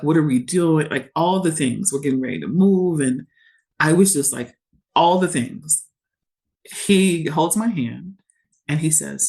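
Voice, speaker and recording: A woman, a podcast guest telling a personal story candidly and expressively, acting out what others said. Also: low voice. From Shreveport, Louisiana. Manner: candid and expressive, quotes others in lively voices.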